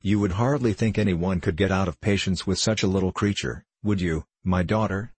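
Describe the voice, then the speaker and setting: Grave gentle mother, measured, admonishing, deep husky tone, read by a man. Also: no echo. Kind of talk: audiobook reading.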